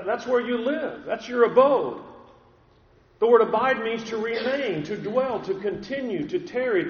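Male pastor, high voice, earnest sermon delivery, roomy and lo-fi church recording. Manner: earnest, deliberate, often repeats words as he restarts. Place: church sanctuary with a congregation. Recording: dull echoey recording in a large hall.

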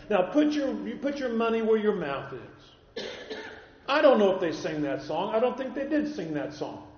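A man's voice: sits high, sing-song, normal speed, a little mellow. A man preaching an expository Bible sermon, emphatic and quoting scripture, recorded in a church hall. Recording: echoey hall, dull lo-fi sound.

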